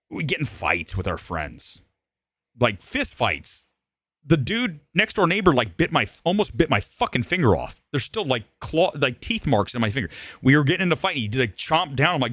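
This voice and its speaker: A man's voice: mid-range voice, sing-song, normal speed, a bit bright, no echo. A man in his forties hosting a live movie stream, ranting in a combative, sarcastic way and swearing freely. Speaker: livestream host. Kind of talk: profane live-stream rant.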